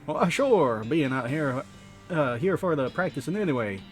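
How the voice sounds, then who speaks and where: Here is a flashy male goblin showman with clumsy, broken grammar and a put-on accent, done by a man. The voice sits a little high and swings around with lively pitch. Faint game music plays underneath. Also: normal speed, natural voice. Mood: pleased.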